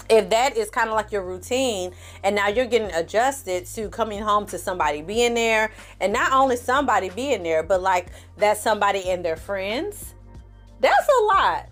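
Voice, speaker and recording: A woman giving a candid, casual recap of a reality show, talking straight to her viewers and acting out what the cast said. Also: medium pitch. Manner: sassy, animated, acts out quotes from the show; candid, addresses viewers as y'all. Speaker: TV recap reviewer.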